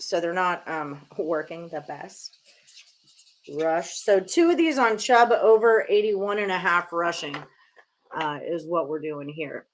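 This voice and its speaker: A woman's voice: mid-range voice, a bit bright. Chatty woman hosting a betting stream. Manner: chatty, reads out viewer picks while writing on a whiteboard; breezy and a bit profane. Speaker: sports betting show host. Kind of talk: casual live-stream chat.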